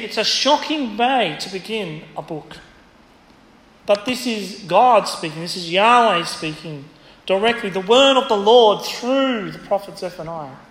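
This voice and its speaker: A man's voice: high voice, animated, a little slow, fairly bright tone, slight background noise. A man preaching an expository sermon in a church, teaching through a Bible passage and quoting it with emphasis. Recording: echoey church hall, faint ambience.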